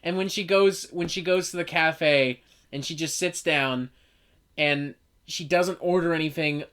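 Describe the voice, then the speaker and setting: A woman with a notably low voice talks in a loose, casual chat. She rants in an animated way, swears freely and mocks the things she describes. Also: unhurried, clean tone. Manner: animated, profane, mocking impressions. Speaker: podcast co-host reviewing a film.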